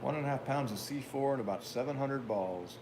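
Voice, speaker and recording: A man's voice: mid-range voice, fairly quick, noisy background. An older man hosting a podcast, telling a rambling anecdote in a casual way with wry asides. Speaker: podcast host. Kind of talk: casual storytelling.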